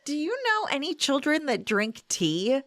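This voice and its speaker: Woman podcast guest, young adult, wry and amused, lively pitch, dry close sound. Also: no room sound. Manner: wry, amused, quick reactions. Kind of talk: casual film recap chat.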